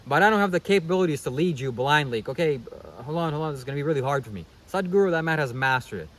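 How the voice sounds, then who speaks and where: A man's voice: fairly high pitch, animated, very fast, fairly bright tone, poor audio. A man vlogging a casual commentary monologue, sarcastic and preachy, who keeps calling the viewer "buddy" and checking "okay?".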